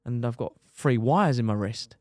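A young man, a motorcycle racer telling his injury story on a podcast in lively, casual talk, swearing and dropping "mate" often. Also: mid-range voice, normal speed, no echo, studio quality.

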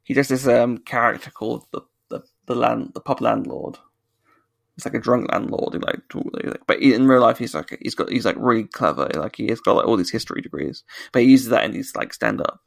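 Speaking a touch fast in a medium-pitched, creaky voice, a British podcast co-host goes off on a sweary rant in casual talk. He keeps stopping and correcting himself. The recording is dry.

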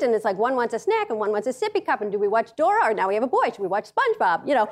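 A lively American woman in middle age tells a comic story to an audience, her voice bright and high. She swoops all over her range, laughing and slipping into quick acted-out voices as she goes. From United States. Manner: animated, acts out voices, laughs often. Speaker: speaker giving a talk.

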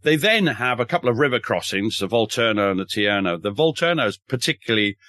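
This northern English military historian, a podcast guest, tells war stories with wry animation, swearing casually and often restarting his sentences. His medium-pitched voice moves fast on a dry recording, full of enthusiastic storytelling.

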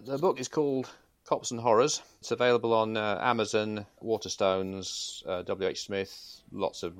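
Deep-voiced storyteller, dry and close. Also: male voice, fairly even intonation, dry recording. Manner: measured, dry storyteller with hesitations. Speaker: guest, former police sergeant. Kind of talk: anecdotal storytelling.

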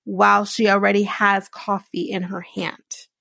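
A woman hosts a podcast recap in a loose, chatty way, full of fillers and quick asides. Her voice sits at a middle pitch, and the recording is dry and close with no room around it. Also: little pitch movement, gravelly, sharp tone, no room sound. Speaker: podcast host recapping a reality show. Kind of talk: casual recap chat.

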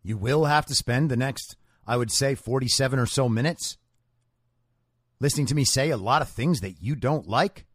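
A man's voice: medium pitch, moderate pace, slightly rough, dry recording, studio quality. A man hosting a political talk show, delivering a sarcastic, mocking, lecturing monologue. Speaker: host.

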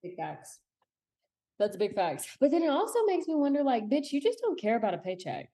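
A woman's voice: fairly high pitch, sing-song, a little fast, mellow. A woman co-hosting a podcast, trading blunt, dry, profane remarks in casual chat. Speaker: podcast co-host.

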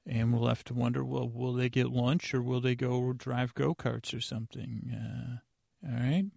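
A man hosting a podcast, giving a rambling, deadpan comedic recap of an episode with lots of fillers and restarts. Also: mid-range voice, measured pace, vocal fry, no room sound, studio quality. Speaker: podcast host.

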